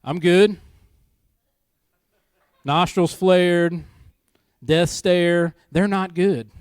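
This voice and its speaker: A man's voice: a little high, smooth, dry recording, clean studio sound. A married man preaching a church sermon in a conversational way, with joking asides and key lines repeated for emphasis. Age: adult, married. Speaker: pastor. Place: church service.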